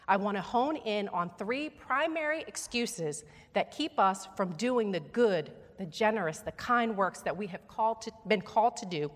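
A woman's voice: mid-range voice, a bit bright. Earnest woman preaching in an echoing hall. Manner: earnest, emphatic, coaxes the congregation to repeat after her. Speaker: guest preacher. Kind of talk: sermon. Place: church sanctuary. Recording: long reverb of a church hall.

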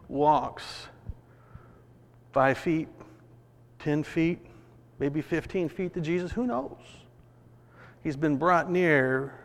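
A man preaching a sermon, telling a story in an animated way and acting out the voices of people in it. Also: fairly high pitch. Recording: long reverb of a large hall.

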